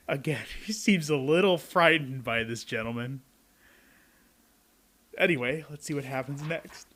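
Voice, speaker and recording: A man's voice: medium pitch, measured pace, pauses often, sharp tone. A young adult man reading a picture book aloud to children, adding chatty asides to his young listeners.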